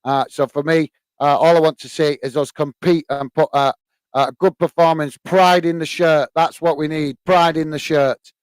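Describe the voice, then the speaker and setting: A man's voice: on the high side, fairly even intonation, moderate pace, clear, resonant tone, dry recording. A man hosting a live football watch-along stream, chatting to viewers and giving loose play-by-play commentary with many fillers. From England. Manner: chatty, many fillers, bursts into shouts at goals. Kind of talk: live match commentary and chat.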